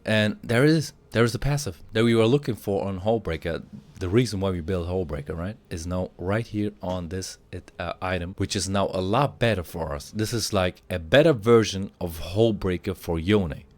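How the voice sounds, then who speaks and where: A man who is a little sick, explaining a video game item build and reading item stats aloud, getting excited as he hypes the items. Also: deep voice, moderate pace. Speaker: game guide creator. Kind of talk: gameplay guide commentary.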